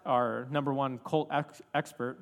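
A young man telling a story in a casual, animated sermon, full of fillers and asides. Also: mid-range voice, measured pace, gravelly. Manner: animated, chatty with many fillers. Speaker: preacher. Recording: reverberant hall.

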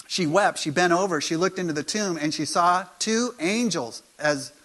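A man preaching a sermon in a conversational storytelling way, sometimes dropping to soft, intimate tones. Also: high voice, normal speed. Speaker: pastor.

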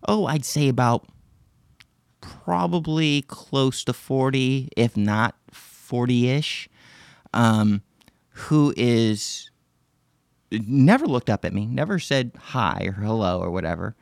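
A man spins a casual podcast story, his pitch rising and falling freely. He circles back through restarts and fillers and swears as he goes. His voice sits close and dry in the recording. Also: animated, takes it slowly, creaky, dry recording. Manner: rambling, profane, many restarts. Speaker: podcast host.

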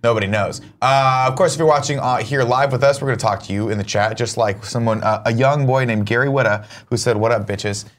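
Brief: male co-host, rapid-fire banter, tired but upbeat, mid-pitched voice. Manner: quick joking host patter, tired. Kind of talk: casual morning show banter. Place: studio.

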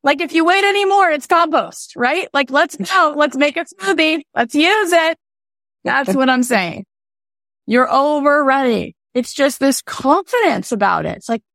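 A woman's voice: sits high, unhurried, no room sound. A woman hosting a podcast and coaching two people on a call, speaking emphatically with lots of "like" and "right?". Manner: emphatic and animated, with a lot of "like" and "right?". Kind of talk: coaching call, motivational talk.

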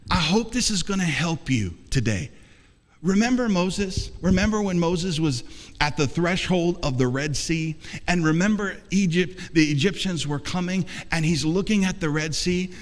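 A man preaching an emphatic sermon as pastor, calling for responses from the congregation. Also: a little high. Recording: long reverb of a large hall.

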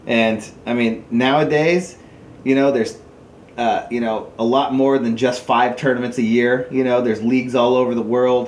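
A man in an easygoing podcast conversation, telling long stories with plenty of fillers and self-corrections. His voice sits at a middle pitch and carries the roomy echo of an untreated space, with a faint hiss underneath. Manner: animated storyteller, jumps high when quoting people. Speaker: podcast guest, paintball player. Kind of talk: casual storytelling chat. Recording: echoey room with faint noise.

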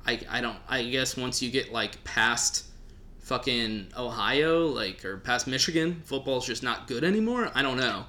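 A man's voice: mid-range voice, animated, normal speed, bright, forceful tone. A man hosting a podcast, chatting casually in a joking, rambling way with the odd swear. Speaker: podcast host.

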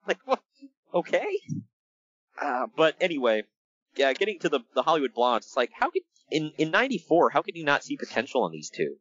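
A man co-hosting a casual podcast, talking in an animated, exasperated way and laughing often. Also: mid-range voice, a little fast, highs cut off. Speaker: podcast co-host. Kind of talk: casual wrestling podcast chat.

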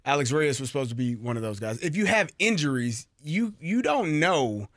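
A man's voice: on the high side, big pitch swings, moderate pace, fairly bright tone, no echo, studio quality. A man co-hosting a sports talk show, making his case hesitantly with stammered restarts. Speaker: sports radio co-host.

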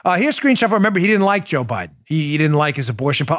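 A middle-aged man hosts a political commentary podcast, mocking and sarcastic as he drives every point home. His voice sits a little high and leaps up and down in pitch. It is recorded close and dry, with no room sound. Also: sing-song, very fast, hardly any pauses, a bit bright, no room sound. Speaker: podcast host, former police officer.

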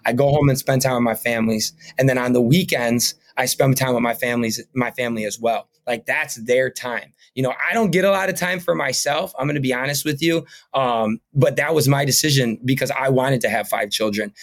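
Brief: a man at mid pitch, a podcast guest, earnest and rambling, full of fillers. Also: fairly even intonation, a little fast, hardly any pauses. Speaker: podcast guest, painting company owner. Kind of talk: casual interview talk.

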